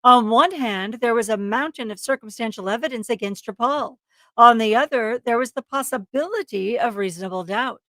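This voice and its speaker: A woman's voice: fairly high pitch, moderate pace, fairly bright tone, no room sound. A woman co-hosting a livestream, reading a true crime script aloud, tripping over words and breaking into laughs. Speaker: livestream co-host reading a case.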